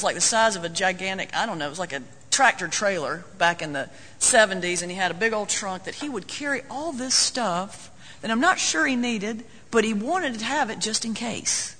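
A man's voice: high voice, sharp tone. A man preaching a sermon as a folksy, joking storyteller. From North Carolina, US. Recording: long hall reverb.

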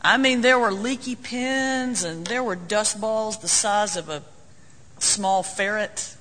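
Bright-voiced preacher, joking. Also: male voice, sits high, slow. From North Carolina, US. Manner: folksy, joking storyteller. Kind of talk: sermon. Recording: long hall reverb.

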